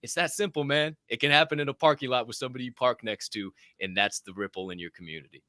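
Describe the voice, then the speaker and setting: A man co-hosting a podcast, telling stories in a brash, profane, animated way in a casual motivational chat. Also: medium pitch, quick pace, no room sound, clean studio sound. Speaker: podcast co-host.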